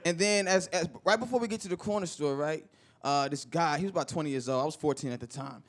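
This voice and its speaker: A male stand-up comedian telling an animated story and acting out the people in it, recorded live with audience laughter. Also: a little high, quick pace. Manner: animated, acts out voices of people in his stories.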